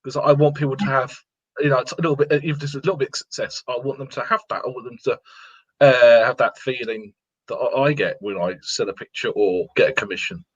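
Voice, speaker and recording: A man's voice: medium pitch, a little fast, husky. A man, a guest watercolourist, talking earnestly and repeating himself to encourage others in a casual interview. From England. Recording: lo-fi sound.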